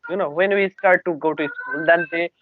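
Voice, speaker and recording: A man's voice: a little high, fairly even intonation, a little fast, a little hiss or hum. A man with an Indian English accent, a native Bengali speaker, practicing English in casual conversation, talking hesitantly with many fillers over a video call. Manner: hesitant, full of "you know" and "uh" fillers. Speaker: English learner. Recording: tinny phone-like video call line.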